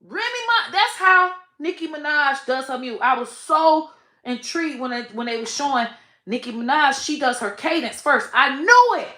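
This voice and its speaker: Woman, profane rant, slightly high voice, echoey room. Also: moderate pace. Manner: blunt, profane, animated, trails off and restarts. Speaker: online comedian and commentator. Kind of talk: casual profane rant to camera.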